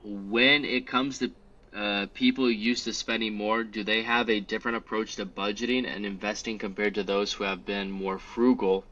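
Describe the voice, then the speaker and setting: A man co-hosting a live class, reading out audience questions in a slow, measured way. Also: lowish voice, level tone, bright, forceful tone, slight background noise. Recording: distant, muffled mic.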